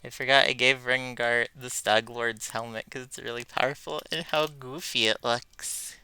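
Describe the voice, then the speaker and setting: A man's voice: medium pitch, fairly even intonation, moderate pace, sharp tone, clean tone, no room sound. A man streaming a role-playing game, making playful, chuckling asides. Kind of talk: casual game commentary.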